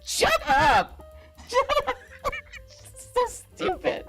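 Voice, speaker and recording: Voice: huge pitch swings, normal speed, vocal fry, faint music behind, heavily acted. A caller doing a comedic impression of a boastful self-styled male business guru, cocky and evasive. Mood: flustered. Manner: cocky, evasive and defensive, pitch swinging wildly. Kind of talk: comedic impression on a call-in show.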